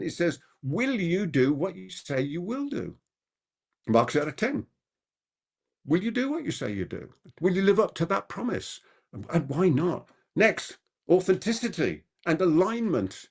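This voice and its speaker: A man giving a live masterclass on persuasion as a trainer. He talks quickly and keeps asking the audience rhetorical questions. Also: husky. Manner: animated, with big pitch swings.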